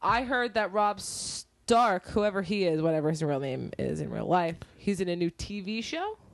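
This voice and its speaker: A woman's voice: on the low side, lively intonation, moderate pace, no room sound. A woman chats casually as a podcast co-host, gushing and giggling often, with crude jokes thrown in. She talks close into the microphone. The sound is dry, with no room around it. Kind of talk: casual chat. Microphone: close studio mic.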